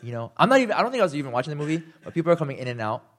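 Animated young male preacher. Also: racing. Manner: animated and self-deprecating, acting out quotes with big jumps in pitch. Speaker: pastor. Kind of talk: sermon.

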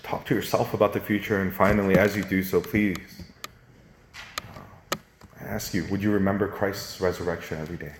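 Low-voiced man preaching in a roomy space. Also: fairly quick, pauses often, a little hiss or hum. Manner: earnest, conversational preaching with animated rises. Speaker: pastor. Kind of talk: sermon.

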